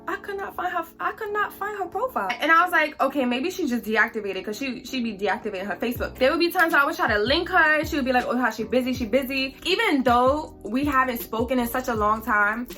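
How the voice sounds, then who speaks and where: Young woman vlogging a storytime, high voice, slangy and chatty, soft music under it. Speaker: YouTuber telling a story. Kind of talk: casual storytime vlog.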